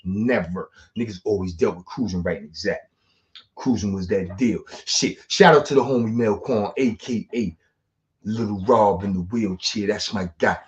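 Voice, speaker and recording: A man, telling street stories in a slangy, animated way. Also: on the low side, moderate pace. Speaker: street storyteller. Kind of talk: casual storytelling monologue. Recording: dull lo-fi sound.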